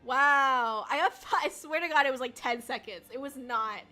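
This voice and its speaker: A woman's voice: sits high, normal speed, pushed and bright, soft background music. A woman streaming as a VTuber, chatting casually in a rambling way, swearing and laughing often. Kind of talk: casual livestream chat.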